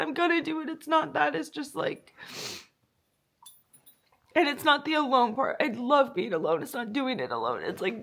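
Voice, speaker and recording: Tearful young woman, high voice, rambling confessional vlog with fillers and swearing. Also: lively intonation, normal speed, a bit bright. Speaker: vlogger. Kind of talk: emotional personal vlog.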